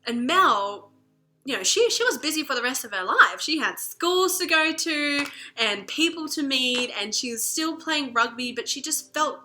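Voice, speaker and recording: A woman coach telling a story in an animated, chatty way, full of fillers. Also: sits high, normal speed, a little hiss or hum. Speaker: spiritual coach. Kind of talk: storytelling lesson.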